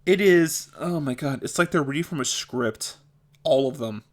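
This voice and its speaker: A man's voice: medium pitch, normal speed. A young adult man with a mild speech impediment, vlogging in a blunt, exasperated way and laughing between points. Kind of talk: casual opinion vlog.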